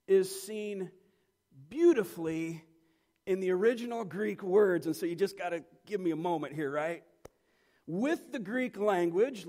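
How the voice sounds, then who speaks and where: A man's voice: high-pitched, a little mellow. A man preaching a sermon as pastor, teaching the text in an emphatic manner that builds to passionate repetition. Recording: long hall reverb.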